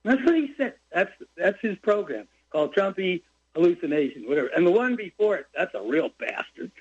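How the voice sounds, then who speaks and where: Older male caller, high voice, rambling heated rant, muffled phone audio. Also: sing-song, a little fast, husky. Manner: rambling, heated, jumps between topics. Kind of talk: call-in radio rant. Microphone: phone line. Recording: dull lo-fi phone call.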